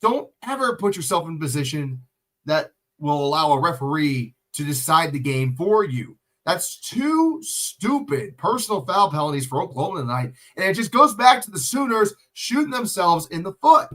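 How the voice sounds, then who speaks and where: A man's voice: on the high side, very animated, moderate pace, sharp tone. A man ranting and cursing bluntly while calling a football game live on a stream, lecturing the players between plays. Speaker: livestream commentator. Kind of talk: profane ranting play-by-play commentary.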